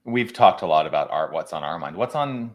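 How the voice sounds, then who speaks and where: Guy minister, very low voice, chatty and rambly, lots of um and you know. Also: expressive, brisk. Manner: reflective, rambling with fillers. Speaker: minister, co-host. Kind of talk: casual chat.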